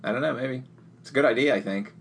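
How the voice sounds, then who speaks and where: A man's voice: mid-range voice, fast talker, creaky, fairly bright tone, slightly rough. A man co-hosting a podcast, chatting in an easygoing, rambling way with wry humor. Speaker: podcast co-host. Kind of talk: casual chat.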